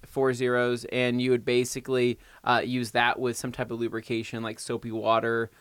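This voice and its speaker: A man co-hosting a podcast, answering a viewer's question casually with many pauses and ums. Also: mid-range voice, completely flat delivery, a bit bright, clear, resonant tone, no echo, studio quality. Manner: reads out comments, then answers with many ums. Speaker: podcast co-host. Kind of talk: casual chat. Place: podcast studio.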